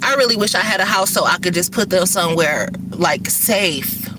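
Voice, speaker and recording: A middle-aged woman vlogging in casual chat, talking fast and rambling, with lots of swearing, seemingly from her car. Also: lowish voice, expressive, background noise. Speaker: vlogger and rideshare driver.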